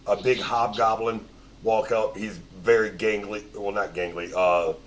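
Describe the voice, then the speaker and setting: Low-voiced man running a tabletop game. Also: little pitch movement, a little slow. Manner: loose, hesitant narration with restarts. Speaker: game master.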